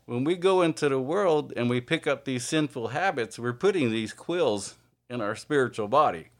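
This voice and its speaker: A man giving an informal, earnest sermon, halting often with fillers and restarts. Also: mid-range voice, expressive. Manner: earnest, confessional. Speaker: preacher.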